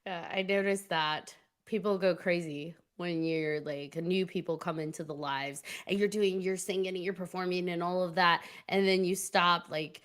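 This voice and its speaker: Woman podcast host, casual chat, lowish voice, laughs often, rambling restarts. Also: fairly even intonation, normal speed, few pauses, a bit bright, smooth.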